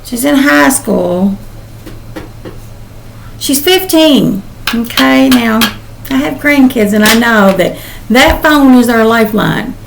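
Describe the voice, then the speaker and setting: A woman's voice: a little high, expressive, slow pace, vocal fry, pauses often, noisy background. An older woman, a psychic channeler, giving a casual spoken reading in a rambling, emotional way with many "um"s.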